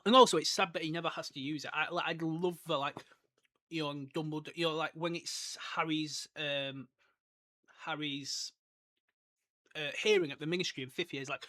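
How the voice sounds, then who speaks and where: A chatty man hosts a casual book podcast and rambles through his thoughts with plenty of laughs. His voice sits a little high and sounds bright and clear. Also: moderate pace. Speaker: podcast host. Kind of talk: casual book discussion with read-aloud passages.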